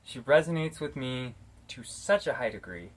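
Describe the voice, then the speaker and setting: A man's voice: mid-range voice, lively intonation, moderate pace, slightly rough. An American man talking casually to camera in a vlog, rambling and affectionate, with plenty of fillers and restarts. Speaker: vlogger. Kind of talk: casual talking-head shout-outs. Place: living in Arizona. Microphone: camera mic, talking straight to camera.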